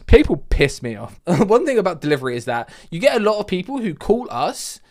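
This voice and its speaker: A man's voice: high-pitched, brisk, few pauses. A young man telling comic stories about his customer service job in an exasperated, ranting way. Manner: exasperated ranting, mock deadpan. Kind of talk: comedic storytime vlog.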